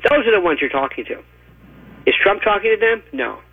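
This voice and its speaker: A man giving emphatic, rapid-fire opinionated commentary as a radio guest, with a husky voice and mocking asides, heard over a phone line. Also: high-pitched, big pitch swings, dry recording. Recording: tinny dry phone line.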